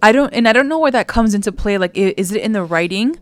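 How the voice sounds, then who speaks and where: A woman co-hosting a recap podcast, her voice sitting at an ordinary pitch in a dry, close sound with no room echo. She talks bluntly and sounds exasperated, with casual swearing. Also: expressive, quick pace. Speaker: podcast co-host.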